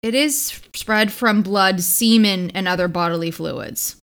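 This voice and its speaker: A woman's voice: medium pitch, unhurried, a bit bright, clear, resonant tone. Sarcastic woman who laughs often. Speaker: podcast co-host. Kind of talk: casual chat.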